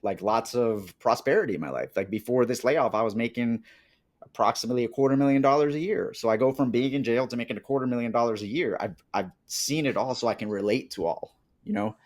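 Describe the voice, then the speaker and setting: A man's voice: medium pitch, fast. A man from Colombia, a podcast guest, telling his life story in casual conversation and acting out the dialogue he recalls. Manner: animated, acts out quoted dialogue.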